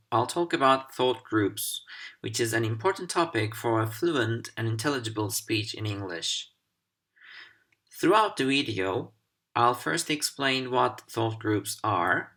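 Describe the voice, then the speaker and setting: A man whose first language is Turkish, teaching a recorded English pronunciation lesson in a deliberate, clearly articulated manner. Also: mid-range voice, a bit bright. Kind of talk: instructional video lesson.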